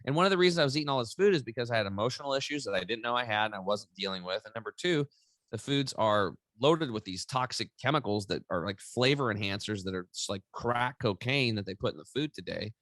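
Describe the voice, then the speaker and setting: A man's voice: mid-range voice, animated, fast, a bit bright, dry recording. A man in his forties, a podcast guest telling a personal story with lots of energy and animation. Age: 40s. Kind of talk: casual storytelling interview.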